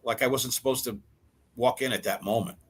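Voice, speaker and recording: A man's voice: mid-range voice, fairly quick, a little hiss or hum. Older man telling a rock-scene story. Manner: animated storyteller who acts out quoted dialogue; frequent repeated words and restarts. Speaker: interview guest, rock musician. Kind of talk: storytelling in a casual interview.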